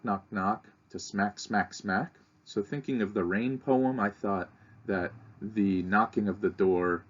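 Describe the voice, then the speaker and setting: A male teacher explaining a lesson to children, talking them through it with frequent pauses and fillers. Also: deep voice, a bit bright, dull audio. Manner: unhurried, talks students through steps with frequent "uh".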